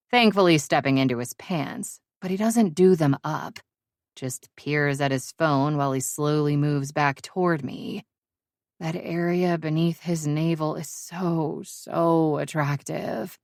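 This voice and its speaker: A woman narrating a first-person romance audiobook in a wry, even-toned storytelling manner. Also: deep voice, dry recording, studio quality.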